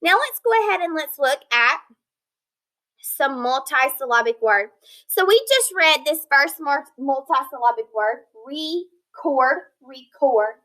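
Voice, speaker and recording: A woman teaching a recorded phonics lesson to children, speaking slowly and clearly, sounding out words and encouraging them. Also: sits high, expressive, pushed and bright, rough recording.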